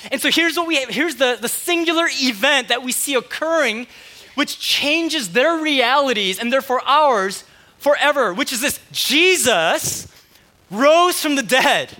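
Pastor guy preaching on stage, high bright voice, kinda breathless, fires off quick asides to the crowd. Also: expressive. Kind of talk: sermon. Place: church stage.

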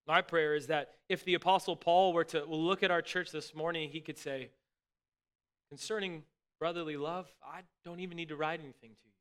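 A middle-aged male pastor delivers a sermon with earnest emphasis, rising to stress key points and sinking to soft, quiet asides. His voice sits a little high and sounds bright and forward. He often restarts words as he goes. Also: steady tone, moderate pace, clear, resonant tone.

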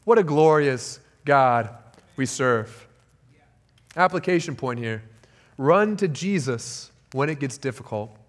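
A man's voice: medium pitch, animated, slow. A man preaching a sermon as pastor, earnest and emphatic, often repeating key phrases for weight.

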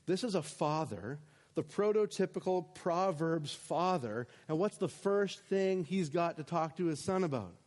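A man with a high voice delivers a sermon in a church. He preaches in an animated way, slipping into the voices of the people he describes and slowing right down when he reads verses. A long reverb trails behind him in the hall. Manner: animated preaching, voices imagined speakers, reads scripture slowly. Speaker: pastor.

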